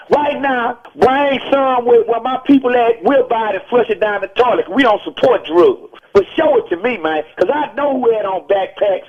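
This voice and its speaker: A man from Texas, calling in to a radio show as a guest and preaching his point emphatically and repetitively. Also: high-pitched. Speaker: rapper interviewed as phone-in guest. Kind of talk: heated radio call-in interview. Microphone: telephone. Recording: dull phone line from an old radio broadcast.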